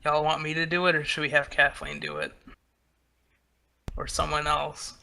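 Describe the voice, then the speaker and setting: Bright, gravelly male player. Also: a little high, completely flat delivery, normal speed. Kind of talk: tabletop role-play.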